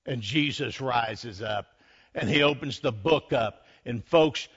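A man's voice: mid-range voice, slow pace, fairly bright tone, husky, dull audio. A man preaching a sermon, retelling scripture dramatically and building to fervent emphasis.

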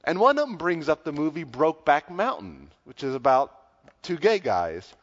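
A pastor preaching a sermon, telling a story in a conversational way that grows loud when excited. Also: male voice, fairly high pitch, normal speed. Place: church sanctuary. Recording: dull sound with long church reverb.

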